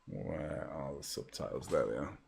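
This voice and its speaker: A man's voice: a bass voice, expressive, moderate pace, gravelly, darkish tone, slight background noise. A young English man hosting a live football watchalong, chatting casually and rambling to viewers by name. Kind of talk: casual live match chat.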